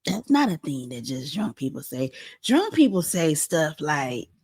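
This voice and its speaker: Low-voiced woman hosting pop-culture commentary. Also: a little slow, slightly rough. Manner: animated, acts out quotes, blunt opinions. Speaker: host.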